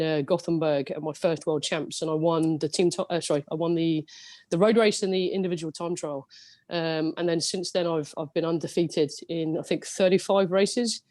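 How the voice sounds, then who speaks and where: A woman's voice: lowish voice, steady tone, brisk, darkish tone, no echo. A woman in her thirties with a cold, chatting as a podcast guest and telling stories with a laugh. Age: 30s. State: has a cold. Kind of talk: casual podcast chat.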